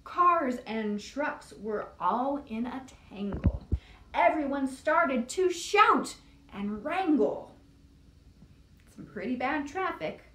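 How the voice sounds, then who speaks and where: Animated woman reading aloud to children. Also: sits high, takes it slowly. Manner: animated sing-song reading with voices. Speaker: children's librarian. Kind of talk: children's storytime read-aloud. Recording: echoey room, distant mic.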